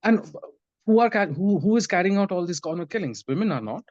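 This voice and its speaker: A man, a podcast guest thinking out loud in casual conversation with hesitant restarts. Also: high-pitched, lively intonation, fairly quick, no echo, dull audio. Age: 30s.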